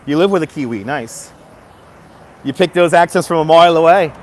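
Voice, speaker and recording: A man's voice: on the high side, animated, brisk, long pauses, a little hiss or hum. Upbeat man live-streaming on a city street. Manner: upbeat and motivational, greets viewers by name. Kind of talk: casual live-stream chat.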